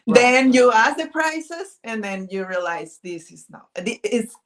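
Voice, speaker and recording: A woman's voice: fairly high pitch, animated, measured pace, fairly bright tone. A woman from Italy, a native Italian speaker, talking casually as a guest on a video call. She keeps searching for her words and often says "mm-hmm". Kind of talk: casual interview chat.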